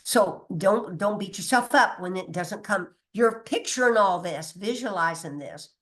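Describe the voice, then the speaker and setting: A woman leads an informal spiritual teaching in a loose, conversational way. She is emphatic, laughs often, drops the odd mild curse, and pauses to check her notes at a middling pitch. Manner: loses her place and restarts, reads from notes.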